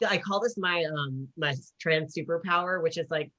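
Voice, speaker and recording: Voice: mid-range voice, normal speed, bright, forceful tone, dull audio. An author speaking as a guest in a panel talk, rambling and full of filler words, often laughing.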